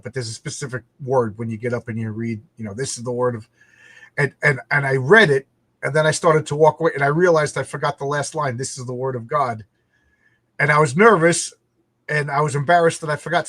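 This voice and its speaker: A man telling childhood stories in a casual chat, animated and laughing, often repeating words as he starts a thought. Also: mid-range voice, no room sound. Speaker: podcast host.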